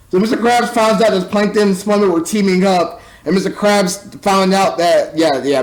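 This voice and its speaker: High-voiced young man ranting about a movie. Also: poor audio. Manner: rambling, exasperated, stumbling over words. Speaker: movie reviewer. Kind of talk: casual spoken movie review.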